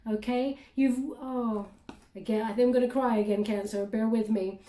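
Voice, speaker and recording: Woman doing a tarot reading, kinda high voice, stops and starts a lot, echoey room. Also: fairly even intonation, mellow. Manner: halting, thinking aloud between cards. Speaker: tarot reader. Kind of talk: casual spoken tarot reading. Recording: roomy echo.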